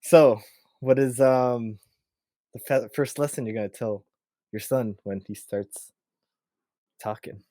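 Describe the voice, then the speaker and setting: A man hosting a podcast in casual chat, playful and animated, acting out little voices. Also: medium pitch, takes it slowly, pauses often, no echo. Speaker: podcast host.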